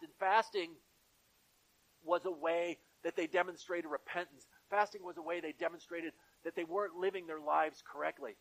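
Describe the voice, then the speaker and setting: A man's voice: sits high, moderate pace, creaky, fairly bright tone, rough recording. A man preaching to his congregation in a church, earnest, building his points through repeated phrases. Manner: earnest, repetitive preaching cadence. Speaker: pastor. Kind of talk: sermon.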